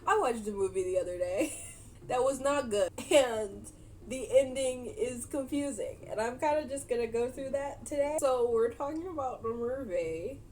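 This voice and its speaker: A woman's voice: fairly high pitch, moderate pace. Chatty, giggly young woman vlogger. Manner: chatty, giggly, animated retelling. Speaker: vlogger recapping a movie. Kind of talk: casual chat.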